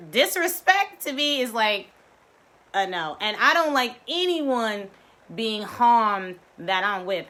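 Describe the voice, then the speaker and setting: Bright-voiced woman coach from Baltimore. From Baltimore, United States. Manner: animated, laughing, swooping pitch. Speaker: mindfulness coach. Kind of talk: motivational talk to viewers.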